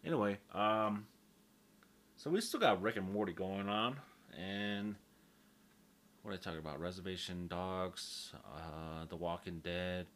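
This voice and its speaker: Low-voiced guy rambling on his own, swears a lot, jokes at his own expense, slow drawl. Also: fairly bright tone, slight background noise. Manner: crude, joking, self-mocking, swears freely. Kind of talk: rambling casual monologue.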